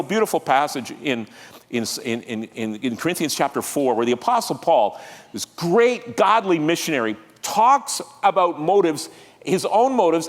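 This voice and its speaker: Male pastor, high and lively voice, conversational sermon with call-and-response, reverberant sanctuary. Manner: animated, conversational preaching with audience call-and-response. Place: church sanctuary.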